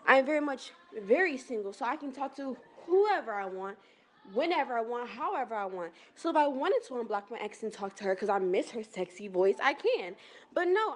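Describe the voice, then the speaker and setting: A woman's voice: a little high, voice pushed up. A woman playing a petty, defensive young woman who argues back and repeats herself for emphasis.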